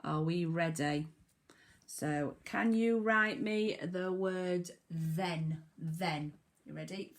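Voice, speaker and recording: A woman teaches phonics to young children, speaking slowly and deliberately. She sounds out each letter carefully, counts down before each task and gives encouraging praise. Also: on the low side.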